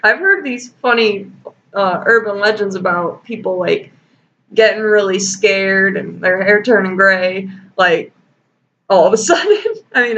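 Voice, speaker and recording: A woman's voice: medium pitch, a bit bright. A woman hosting a sarcastic fanfiction reading and critique. She swears freely and laughs often. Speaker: host. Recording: dull lo-fi home recording with faint noise.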